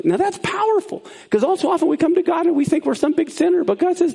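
A man teaching a sermon, explaining Bible words in an animated way that swings up high for emphasis. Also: fast talker, gravelly, few pauses.

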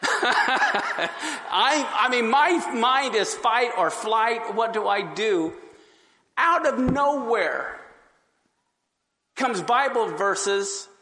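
A man giving his testimony to an audience as an animated storyteller who acts out the scenes. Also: extremely high pitch, drawn-out words, long pauses, big-room sound. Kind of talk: sermon-style testimony.

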